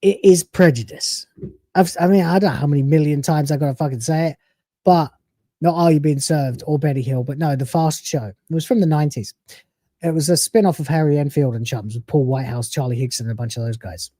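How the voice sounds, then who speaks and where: A man's voice: a little high, brisk, mellow, dry recording. A man hosting a live stream, reacting to a video with profane, ranting commentary and frequent laughter.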